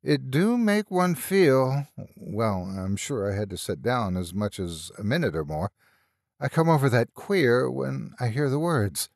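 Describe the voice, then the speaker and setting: A man's voice: medium pitch, animated, a little slow, vocal fry, no room sound, clean studio sound. A male narrator voicing an agitated, gossipy elderly housekeeper woman in a storybook reading. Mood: shaken. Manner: breathless, agitated and chattering.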